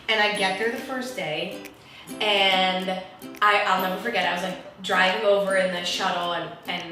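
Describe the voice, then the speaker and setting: A woman from New Jersey, an actress telling a story to an interviewer in a lively manner, acting out the voices of the people she quotes. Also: normal speed. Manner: lively, acts out quotes with big pitch swings. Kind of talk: animated storytelling in a conversation. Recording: echoey room heard from a distance, faint music.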